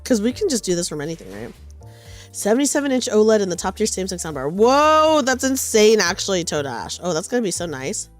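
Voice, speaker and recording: A woman streaming a game, chatting casually with her viewers in a bubbly, excitable, giggly way. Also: medium pitch, a little fast. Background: faint game music.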